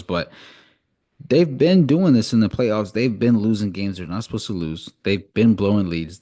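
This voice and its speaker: Young man, lower voice, blunt, animated, profane, sports podcast co-host. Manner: blunt, animated, swears freely. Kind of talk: casual sports talk.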